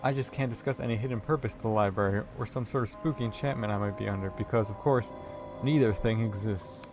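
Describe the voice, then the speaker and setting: A man's voice: fairly low pitch, quick pace, music in the background, close to an everyday voice. A man voicing a fussy, prim older female librarian who sweetly evades questions and calls people dearie, in a narrated text game. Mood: coy.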